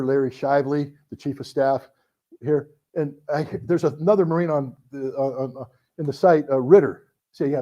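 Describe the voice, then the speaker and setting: A middle-aged man telling a story to an audience, animated, acting out the voices in his anecdotes. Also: mid-range voice. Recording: dull lo-fi recording.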